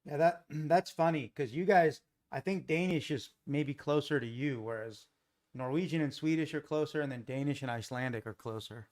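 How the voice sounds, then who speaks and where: A middle-aged American man from Los Angeles runs a live trading stream in a casual, rambling way. He thinks out loud and answers viewers in the chat, recorded on a desk mic in a home office. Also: a little high, moderate pace. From Los Angeles, USA. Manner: chatty, thinks aloud, talks to chat viewers.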